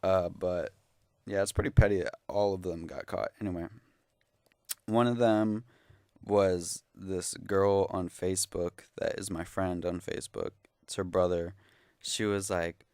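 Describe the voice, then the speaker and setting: A man's voice: low-pitched, steady tone, measured pace, a little mellow, clear, resonant tone, no room sound, studio quality. A young man ranting into the camera, exasperated, sarcastic and profane in a casual vlog. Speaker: vlogger.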